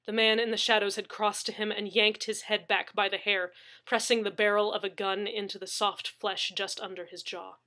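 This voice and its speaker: A woman's voice: medium pitch, flat delivery, pushed and bright. A woman reading a science fiction story aloud as its narrator. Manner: slow, dramatic narration. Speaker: reader.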